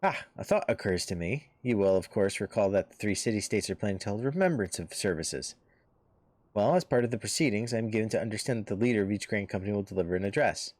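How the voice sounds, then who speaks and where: A man voicing a composed woman who leads a heroes' order, reading game dialogue aloud in a formal, measured way. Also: fairly low pitch, lively intonation, a little mellow, dry recording. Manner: formal, measured storybook delivery.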